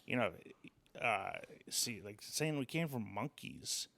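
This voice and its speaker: A young man co-hosting a podcast, rambling through stories in a laid-back way with deadpan reactions. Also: on the low side, slow, creaky. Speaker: podcast co-host. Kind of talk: casual comedic chat.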